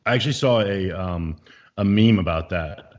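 A man's voice: deep voice, moderate pace, darkish tone. A young man co-hosting a podcast, joking and poking fun at himself as he reads out listener questions. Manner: jokey, self-mocking, reads listener questions. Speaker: podcast co-host. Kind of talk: casual chat. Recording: slightly dull lo-fi sound.

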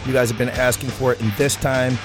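A man's voice: medium pitch, little pitch movement, brisk, music in the background. A man hosting a fitness podcast, upbeat and hyping the show, swearing casually as he introduces his guests and asks questions. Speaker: podcast host. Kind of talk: energetic show intro and interview.

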